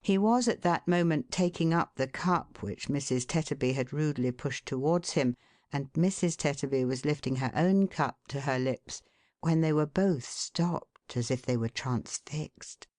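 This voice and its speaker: A woman narrates a classic story as an audiobook in a steady, measured reading. Her voice sits very low for a woman. The recording is close and dry, with no room sound. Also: no room sound.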